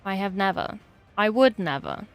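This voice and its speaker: A woman's voice: medium pitch, expressive, normal speed, clean tone, soft background music. An English woman chatting casually on a livestream, chatty and swearing freely with exasperated asides. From England. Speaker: streamer.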